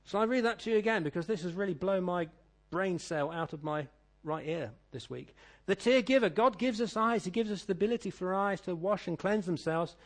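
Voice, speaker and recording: A middle-aged British man preaching a sermon, reading scripture and telling stories, swinging between loud declaiming and quiet asides. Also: sits high, brisk, hardly any pauses. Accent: British English. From Britain.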